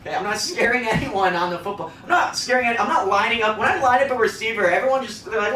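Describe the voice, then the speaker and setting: A young man from the American Midwest rattles through a self-deprecating stand-up set, fast and high-pitched with few pauses, bantering with the club crowd. He's far from the mic, with background noise, roomy live acoustics, and the audience laughing.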